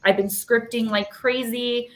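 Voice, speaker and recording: A woman's voice: fairly high pitch, fairly even intonation, measured pace. A woman in her thirties giving chatty, rambling card readings on a live stream in an echoey room. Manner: chatty and rambling, fillers, emotional. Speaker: intuitive card reader.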